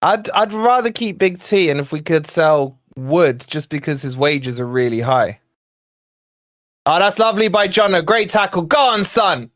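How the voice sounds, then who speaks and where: A man hosting a live fan watch-along, commentating on play and chatting with viewers, excitable and quick to shout at near misses and fouls. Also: a little high. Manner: chatty, talks to viewers and co-host. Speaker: fan channel host.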